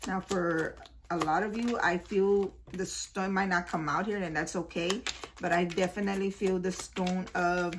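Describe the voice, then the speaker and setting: A woman's voice: on the low side, steady tone, normal speed, background noise. Earnest woman giving a tarot reading. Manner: repetitive, earnest, addresses viewers directly. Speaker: tarot card reader. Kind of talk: casual spoken tarot reading.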